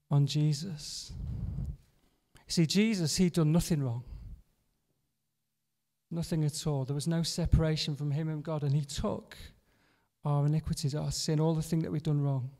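A male pastor delivers an earnest sermon in a slightly high voice, returning again and again to a hushed refrain. The sound carries the long reverb of a church hall. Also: steady tone, a little slow, long pauses. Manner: earnest, repeating a refrain with drops to a soft hush.

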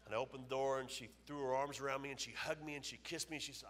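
A man's voice: medium pitch, fairly even intonation, rapid-fire, few pauses, fairly bright tone. A man in his fifties giving a personal testimony as a guest speaker at a church, telling his story emphatically and acting out the dialogue. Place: church auditorium. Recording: long reverb of a church hall.

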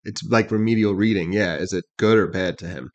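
A man with a somewhat low voice leads a relaxed lyric breakdown for his reaction channel. He reads quoted bars slowly and deliberately, then unpacks them in plain chat, often asking "you know what I mean?". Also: dull audio. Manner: explains lines step by step, often asks "right?" and "you know what I mean?". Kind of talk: casual breakdown of rap lyrics.

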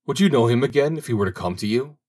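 A man's voice: mid-range voice, expressive, fast, darkish tone, pitched above the performer's own voice, lightly acted. A man voicing a grown son who has become a master thief, speaking in a self-assured way in a storybook audiobook. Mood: probing. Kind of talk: audiobook reading.

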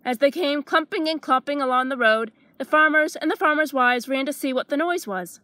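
A woman reading a children's storybook aloud with lively, expressive narration. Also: high-pitched, brisk, dry recording.

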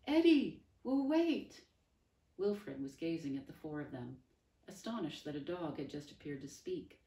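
Woman, low voice, reading aloud, calm, echoey room. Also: moderate pace. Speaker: storyteller. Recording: roomy, distant mic.

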